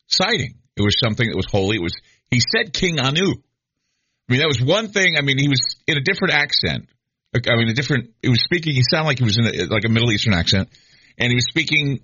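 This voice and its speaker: Man, middle-aged, radio talk host, husky, rambling monologue, slightly muffled audio. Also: mid-range voice, bright, forceful tone, dry recording. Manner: rambling, conversational, many restarts and fillers. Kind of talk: late-night radio monologue.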